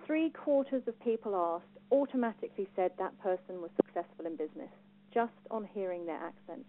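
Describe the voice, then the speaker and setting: A woman's voice: mid-range voice, a little fast. English woman with a Home Counties accent, talk to an audience, engaging, thin phone-like sound. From England. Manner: lively and engaging, asks the audience questions. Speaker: speaker on personal branding.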